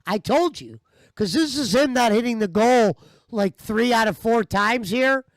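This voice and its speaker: High-pitched man ranting, dry sound. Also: animated, unhurried, dry recording. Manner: heated, profane, mocking. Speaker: commentary host. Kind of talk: ranting commentary over stream clips.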